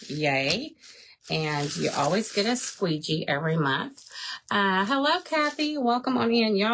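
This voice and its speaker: A woman's voice: mid-range voice, a bit bright, slight background noise. Chatty woman hosting a craft live. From Arkansas, southern United States. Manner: chatty, greets viewers by name, says "y'all". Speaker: craft livestream host. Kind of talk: casual live craft unboxing chat. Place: indoor home craft space. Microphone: phone.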